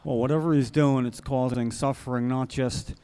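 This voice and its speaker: A man's voice: mid-range voice, steady tone, normal speed, warm tone, clean tone. Indignant man ranting on a talk show. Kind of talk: live political talk show.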